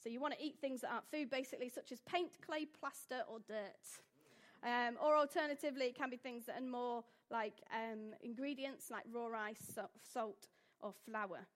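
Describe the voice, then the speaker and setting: A woman's voice: a little high, moderate pace. A young woman giving an informal, jokey talk to a live audience, often asking them questions. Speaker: speaker addressing an audience.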